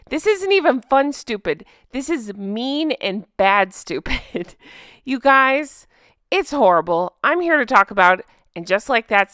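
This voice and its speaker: A woman's voice: a little high, a bit bright, no room sound. A woman hosting a TV recap, ranting in an exasperated, profane and emphatic way into a close microphone. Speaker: host.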